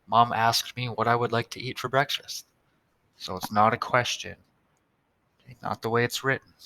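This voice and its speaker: Slow, patient man teaching kids. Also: medium pitch, bright, forceful tone. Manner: patient, slow, sounds words out. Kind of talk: online tutorial for young students.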